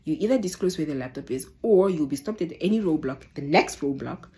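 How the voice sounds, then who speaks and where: A woman's voice: low-pitched, lively intonation, fairly quick, dark tone. A woman quoting a stern police officer. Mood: stern warning. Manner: firm, warning. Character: stern male police officer laying down the law.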